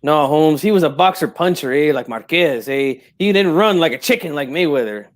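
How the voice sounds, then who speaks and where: Brash old boxing dad, streetwise slang, prickly pride, slightly high voice, as a man puts him on. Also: animated, brisk, lightly acted. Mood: boastful. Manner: streetwise slang, tags every line with "eh" and "Holmes". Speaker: guest in character.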